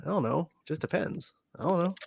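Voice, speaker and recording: A man's voice: a little high, lively intonation, fairly quick, vocal fry, a little mellow, slight background noise. A man hosting a casual livestream chat, hesitant and unsure, often trailing off with "I don't know.". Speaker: host.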